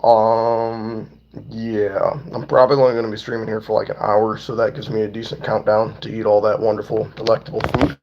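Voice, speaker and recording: Hoarse young man on a lo-fi stream. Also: on the low side, fairly even intonation, fairly quick, darkish tone. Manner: loose, profane, greets chat by name. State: hoarse, voice nearly gone. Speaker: livestreamer. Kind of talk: casual livestream chat. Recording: dull lo-fi stream audio.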